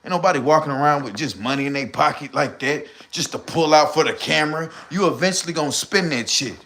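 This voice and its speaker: A middle-aged man chats loosely through his live stream, slangy and rambling as he answers comments. He sounds short of breath, with a bright, forceful voice sitting a bit high. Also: quick pace, slight background noise. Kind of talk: casual live stream chat reading comments.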